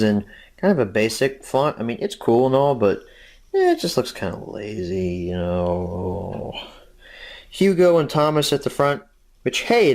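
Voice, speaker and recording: A man's voice: mid-range voice, a little mellow, no room sound. Opinionated guy hosting a review vlog, chatty, lots of up and down in his voice, dry close sound. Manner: chatty, opinionated, self-deprecating. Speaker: host of a home media review show. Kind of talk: casual vlog commentary.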